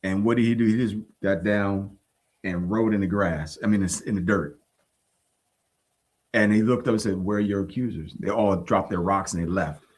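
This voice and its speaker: A man's voice: fairly low pitch, normal speed. A man co-hosting a faith talk show, retelling a story in casual chat. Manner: storytelling, dramatic swings in delivery. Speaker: podcast co-host.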